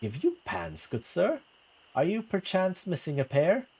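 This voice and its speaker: A man's voice: sits high, huge pitch swings, a little slow, darkish tone, breathy edge, pitched above the performer's own voice, full character voice. A man voicing a haughty noblewoman who speaks in an arch, mocking, old-fashioned way. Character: haughty noblewoman being courted.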